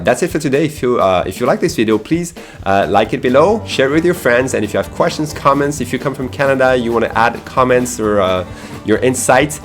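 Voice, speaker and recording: A man from France with a French accent, teaching a casual video lesson with chatty asides and fillers. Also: medium pitch.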